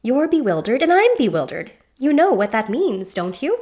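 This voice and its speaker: A woman's voice: high voice, sing-song, normal speed, mellow, pitched above the performer's own voice. A woman reading a book aloud and voicing a jovial, whimsical female boar with a quizzical manner and bursts of laughter. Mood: wondering.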